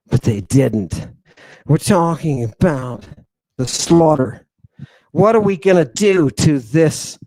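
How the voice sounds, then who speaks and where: A man's voice: a little mellow, no echo. A man hosting a talk, lecturing emphatically to his audience and peppering it with rhetorical questions. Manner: emphatic, repeats rhetorical questions like "do you understand" and "right"; drawn-out stresses, swings between low murmurs and raised exclamations. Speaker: podcast host lecturing on ancient texts. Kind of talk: animated lecture to a live audience.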